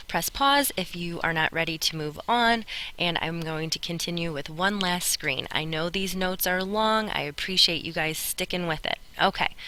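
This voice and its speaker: In a deep, bright, forceful voice, a woman narrates a Spanish grammar lesson over her notes. She takes each step clearly and with patience.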